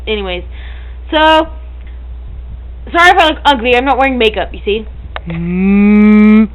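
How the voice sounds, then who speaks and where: A woman's voice: medium pitch, a little slow, long pauses, rough recording. A teenage girl chatting to a webcam at home, hyper and giggly, rambling and breaking into silly noises. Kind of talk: casual chat to camera.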